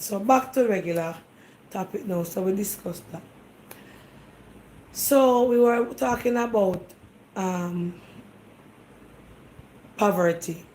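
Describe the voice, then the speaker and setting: A casual talk show host with a Jamaican accent speaks to her viewers with insistence and defensiveness, bombarding them with rhetorical questions. Her mid-range voice is a touch mellow, and the poor audio has some background noise.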